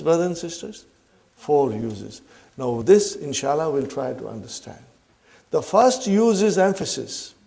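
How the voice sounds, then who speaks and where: Male classroom teacher, slow deliberate delivery with a gravelly edge, keeps quizzing the class and asking if they follow. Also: a little high, dark tone. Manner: repeats questions to the class, checks understanding with "huh?" and "are you with me"; addresses listeners as brothers and sisters. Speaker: Arabic language teacher. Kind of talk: classroom grammar lesson.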